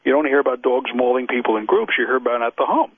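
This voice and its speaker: A man's voice: mid-range voice, expressive, racing, dry recording. A man, a dog trainer and expert witness, speaks as a radio interview guest, emphatic and repeating his points. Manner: emphatic, repeats points, acts out owners' excuses. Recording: dry, husky, phone-like radio line.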